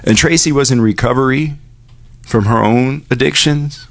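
A man's voice: normal speed, gravelly. A man who works as a radio DJ, speaking from the station studio and telling a personal story candidly, acting out the dialogue in it. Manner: candid storytelling, acts out dialogue with lifted pitch.

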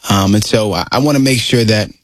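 A man's voice: lowish voice, fairly quick, dry recording. Earnest man telling stories, dry sound. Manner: earnest, animated storyteller who acts out quotes. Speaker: guest. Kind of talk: casual interview talk.

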